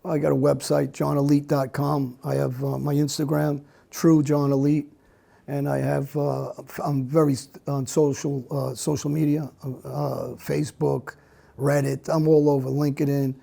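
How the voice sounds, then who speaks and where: A middle-aged man answers interview questions in a blunt, halting way, often breaking off and starting again. His voice is very gravelly, dark and husky, and he stays in a flat, narrow pitch range. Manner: blunt, halting speech with many restarts. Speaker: interview guest. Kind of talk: candid conversational interview.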